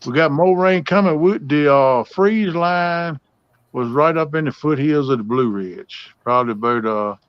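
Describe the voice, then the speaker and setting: A man's voice: a little high, moderate pace, clean tone, dry recording, lo-fi sound. A man hosting a livestream, telling family stories in a folksy, drawling way. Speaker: livestream host. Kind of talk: casual storytelling chat.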